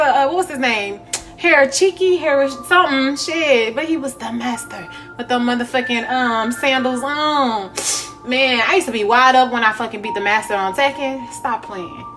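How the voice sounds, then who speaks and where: A woman's voice: high-pitched, fairly bright tone. A young woman, talking bluntly and profanely in a candid vlog monologue, laughing often. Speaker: spiritual vlogger.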